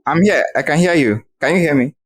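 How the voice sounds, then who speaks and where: Young Nigerian man, Nigerian accent, higher voice, heated and sweary, on a remote call. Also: lively intonation, brisk, slightly rough. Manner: ranting, heated, swears freely. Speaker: guest. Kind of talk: casual podcast chat.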